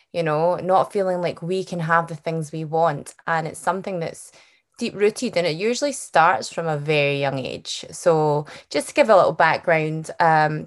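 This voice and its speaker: Earnest Glaswegian woman. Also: low-pitched. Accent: Glasgow Scottish. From Scotland. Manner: earnest and open, with fillers. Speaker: guest author. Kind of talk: podcast interview.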